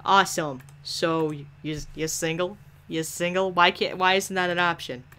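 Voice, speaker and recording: A woman's voice: on the low side, fairly even intonation, normal speed, fairly bright tone, clean tone. A woman giving casual gameplay commentary, sarcastic and profane, ordering game characters around and muttering asides. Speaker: gaming YouTuber.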